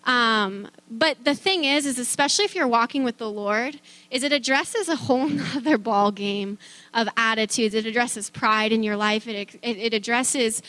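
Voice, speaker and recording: A woman's voice: on the high side, normal speed, a bit bright, no room sound. A middle-aged woman telling a personal faith testimony in a chatty way, with many fillers, restarts and easy laughter. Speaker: speaker sharing a faith testimony.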